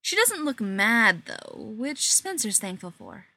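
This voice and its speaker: A woman reads a short story aloud at a slow, unhurried pace. Her voice is bright and lively in pitch, and the room sounds dry and close. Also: vocal fry, no room sound. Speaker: narrator. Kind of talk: storybook narration.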